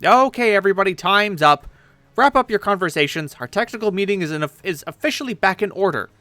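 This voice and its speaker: A man reading a webcomic aloud, voicing a brisk, impatient young leader briefing his team. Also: high voice, animated, fairly bright tone, no room sound, faint music behind, pitched above the performer's own voice. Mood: commanding. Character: bossy young leader running a war meeting.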